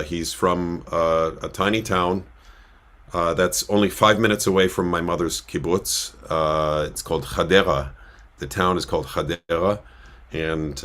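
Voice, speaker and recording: A man's voice: a bass voice, a bit bright. A man who works as a cantor, telling a casual story in a rambling way with many filler sounds, speaking from a synagogue.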